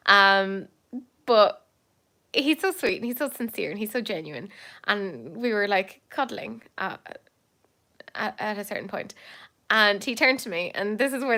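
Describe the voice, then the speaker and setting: Bright, chatty Irish woman. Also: medium pitch, lively intonation, moderate pace. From Ireland. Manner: chatty and self-deprecating, laughs often, rambles with fillers. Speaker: livestream host chatting with viewers. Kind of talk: casual chat.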